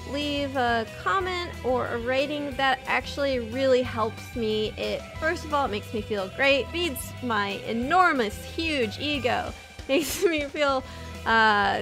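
Chatty, self-mocking female podcast host with a high voice, music bed underneath. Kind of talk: casual podcast outro.

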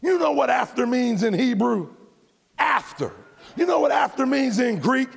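A male pastor delivers a sermon in a high, husky voice with a gravelly edge. He swings between shouted, rising lines and low, quieter asides. The sound carries the long reverb of a church hall. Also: animated, moderate pace.

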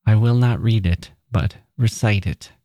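Gentle stubborn lady writer, soft and humble, read by a man, low dry voice. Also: measured pace, no room sound, close to an everyday voice. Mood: gentle, earnest. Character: frail, proud woman writer, humble yet stubborn.

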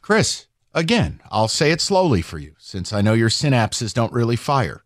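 A man hosting a sports radio show, arguing his case with sarcasm and animated emphasis. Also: medium pitch, moderate pace, hardly any pauses, no echo, studio quality. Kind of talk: heated sports talk radio. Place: radio studio.

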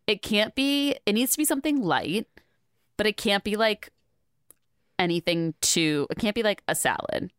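Animated smooth-voiced woman, dry sound. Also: medium pitch, moderate pace, dry recording. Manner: animated, rambling, lots of "like". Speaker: podcast co-host. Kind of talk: casual podcast chat.

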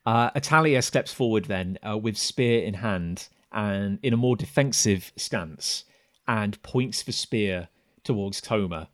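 A man's voice: fairly low pitch, unhurried. A man narrating a tabletop game as game master, hesitant and full of fillers.

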